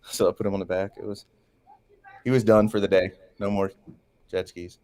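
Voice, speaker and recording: A man telling a story in casual chat, speaking low-key and trailing off softly. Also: level tone, normal speed. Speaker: guest.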